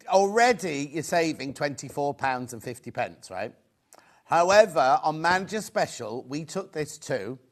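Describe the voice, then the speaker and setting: A man presenting a live TV shopping show, rambling and excitable as he pleads with viewers to buy. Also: a little high. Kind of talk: live TV sales pitch. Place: TV studio.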